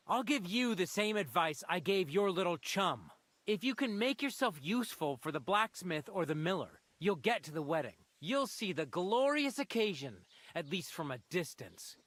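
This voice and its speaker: A mean mocking village thug in a game, bright voice, lots of swing, dry sound. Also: male voice, sits high, sing-song, moderate pace, no echo. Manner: mocking, taunting. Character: sneering village bully, scornful and mocking. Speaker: game character. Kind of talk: video game voice acting.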